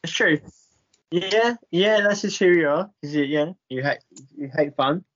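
A man's voice: on the high side, measured pace, muffled recording, background noise. A man co-hosting a podcast in casual chat, laughing often and self-deprecating. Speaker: podcast co-host.

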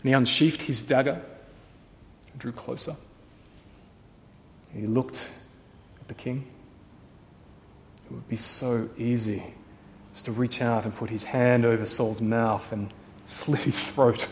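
A pastor telling a story in a sermon, dramatic, shifting from hushed to loud. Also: male voice, medium pitch, in a large hall, a little hiss or hum.

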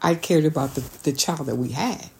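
A woman talking bluntly and candidly to camera, swearing freely and jumping high in pitch when she makes a point. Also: moderate pace, creaky, darkish tone, a little hiss or hum. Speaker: vlogger. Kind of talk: candid unscripted monologue.

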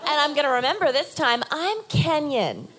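A woman's voice: high voice, very animated, normal speed. A woman co-hosting a podcast live on stage, cheering the crowd and introducing the show with enthusiasm. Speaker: podcast co-host. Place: live show venue with audience. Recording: loud crowd noise from live audience.

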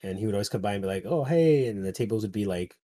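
Casual male storyteller, low husky voice, profane and rambling. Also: very fast. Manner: rambling, profane, animated retelling with quoted voices.

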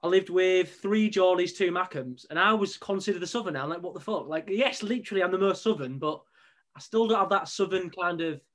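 A man from northern England hosts a relaxed podcast chat. His voice sits a little high, and he talks with teasing, opinionated banter and easy swearing. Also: brisk. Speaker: podcast host and personal trainer.

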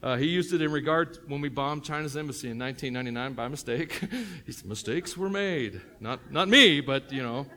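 A man's voice: mid-range voice, brisk, sharp tone. A middle-aged man with a Tennessee accent, a pastor preaching a sermon in a joking, conversational way with many fillers and restarts.

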